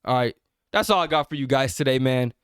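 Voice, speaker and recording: A man's voice: mid-range voice, a little fast, a bit bright, smooth, no echo, studio quality. A young man speaking straight to the camera in a blunt, profane, confrontational rant about self-image. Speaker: self-improvement vlogger.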